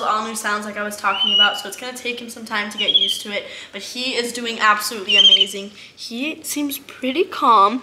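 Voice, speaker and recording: A woman's voice: on the high side, heavy background noise. A young woman hosting a casual animal vlog, explaining things to viewers and cooing in baby talk to a pet. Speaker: animal care vlogger.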